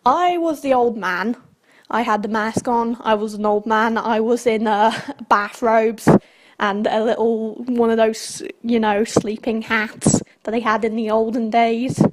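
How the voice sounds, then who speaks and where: A woman's voice: fairly high pitch, steady tone, a little slow. A young woman hosting a channel, telling a rambling story in casual chat and laughing often as she talks. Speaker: channel host.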